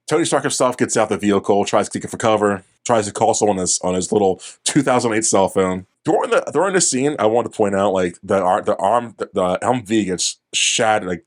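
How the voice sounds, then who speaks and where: A fairly low-pitched young man chatting casually on a movie review podcast. He rambles, drops the odd swear word and stumbles through corrections as he retells the plot. It sounds like loose talk between friends. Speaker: podcast co-host.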